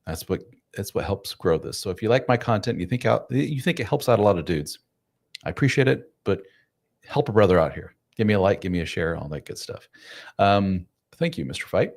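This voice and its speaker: A man's voice: lowish voice, expressive, a little fast, darkish tone. A man hosting a casual live stream from home, chatting loosely with viewers in a self-deprecating way. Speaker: live stream host, men's coach. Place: home room.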